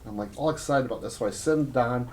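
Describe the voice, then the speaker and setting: A man presenting a business workshop to a small group in a room. His delivery is conversational and punchy, built on short emphatic phrases and stories. His voice sits at an ordinary middle pitch. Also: fast, darkish tone, slight background noise. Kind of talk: live workshop talk with anecdotes.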